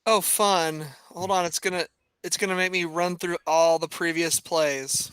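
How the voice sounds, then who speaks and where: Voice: mid-range voice, fairly even intonation, unhurried, fairly bright tone, slight background noise. A player chatting casually and matter-of-factly while working through a board game online. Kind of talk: casual game-stream chat.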